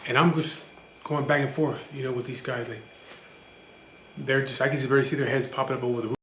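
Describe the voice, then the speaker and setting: A man tells a story in plain, casual speech, blunt and full of swearing, often stopping to restart a sentence. His voice sits at an ordinary middle pitch. The room echoes noticeably, with a faint hum of background noise. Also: fairly even intonation, quick pace, a bit bright. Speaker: storyteller recounting a street standoff.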